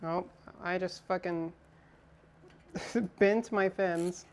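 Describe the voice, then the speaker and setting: Slow-talking casual woman streamer. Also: fairly low pitch, steady tone, slight background noise. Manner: chatty, talks to chat while assembling a PC; swears casually. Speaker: live streamer. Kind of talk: casual live-stream chat.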